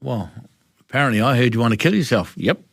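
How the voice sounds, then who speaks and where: A middle-aged man with a New Zealand accent tells candid stories in an interview, slipping into other people's voices as he goes. His voice sits at an ordinary pitch and is recorded close and dry, with no room sound. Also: quick pace, gravelly, dry recording. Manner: animated storyteller acting out dialogue. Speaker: guest.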